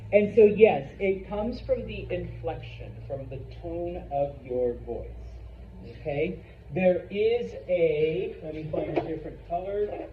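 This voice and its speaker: A male Spanish teacher giving a classroom lesson, animated and constantly checking in with the students. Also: a little high, a little hiss or hum. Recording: echoey classroom from far off, dull.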